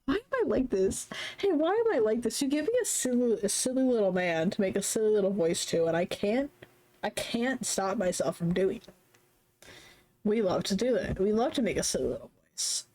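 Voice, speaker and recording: A woman streaming a story game live, reading its text aloud and chatting in an animated, giggly way, swearing casually. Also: medium pitch, moderate pace.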